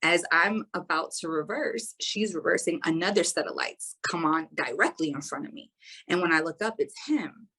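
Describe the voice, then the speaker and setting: A woman, a podcast guest, telling a story casually in an animated, profane, slangy way. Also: fairly low pitch, normal speed, breathy edge, low-quality recording.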